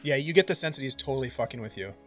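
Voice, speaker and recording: A man's voice: medium pitch, animated, rapid-fire, a bit bright, soft background music. A man narrating a tabletop game as game master, loose and chatty. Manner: loose and chatty, with frequent filler.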